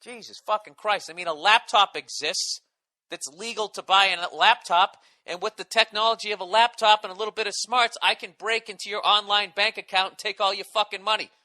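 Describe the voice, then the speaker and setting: A man's voice: sits high, fairly even intonation, fairly quick, bright, forceful tone, dry recording. A man hosting a podcast, delivering an indignant, sarcastic monologue full of swearing. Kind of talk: profane ranting monologue.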